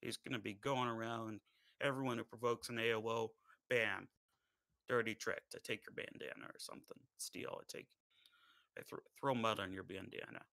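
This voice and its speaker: A man's voice: fairly low pitch, steady tone, normal speed, gravelly, bright, forceful tone, no echo, low-quality recording. A man playing a tabletop game, joking and boastful in casual play. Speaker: player.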